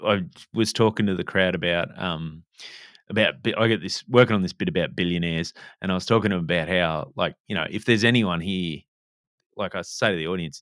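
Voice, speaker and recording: A man, a comedian hosting a podcast, telling lively anecdotes and calling people "mate". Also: sits low, brisk, dry recording, studio quality. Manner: says "mate" a lot, animated anecdotes. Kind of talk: casual chat.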